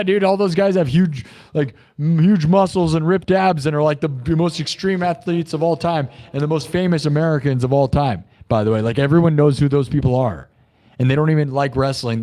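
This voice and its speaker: A man hosting a livestream, chatting casually in a rambling, excitable and joking way. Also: a little high, fairly quick. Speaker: livestream host.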